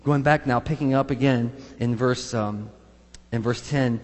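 A man's voice: medium pitch, steady tone, measured pace, darkish tone, big-room sound. A male pastor preaching a sermon, telling stories and acting out the voices of people he quotes with emphasis.

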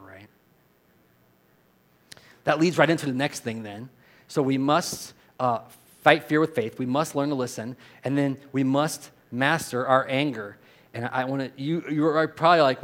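An earnest man preaching a sermon from the pulpit, his voice sitting at an ordinary middle pitch. He drops to a quiet, reflective tone, then builds to loud, emphatic repeated phrases, and leads the congregation in saying lines back to him. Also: normal speed. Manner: leads the congregation in call-and-response. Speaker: pastor.

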